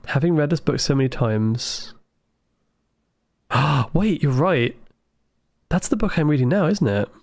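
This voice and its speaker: A man livestreaming a puzzle game, thinking aloud with excited asides to his chat. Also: fairly high pitch, measured pace, pauses often, no room sound, studio quality. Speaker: game streamer. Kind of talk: live gameplay commentary.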